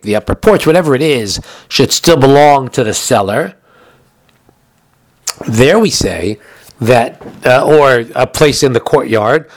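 A man's voice: mid-range voice, dry recording. A man giving a recorded halacha lesson in a chatty way, explaining with everyday examples, and he has the hiccups. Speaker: Torah teacher.

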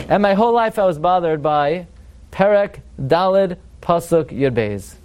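A man with a fairly high voice leads a Torah class. He quizzes the room and slows down to chant verses as he makes each point. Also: darkish tone, clear, resonant tone. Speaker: Torah teacher.

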